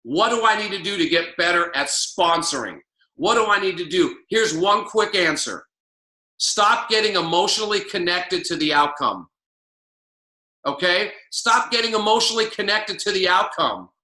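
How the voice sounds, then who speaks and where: High, bright-voiced motivational coach, preachy. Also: male voice, expressive, normal speed, echoey room. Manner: emphatic, preachy, repeats key lines. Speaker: network marketing coach.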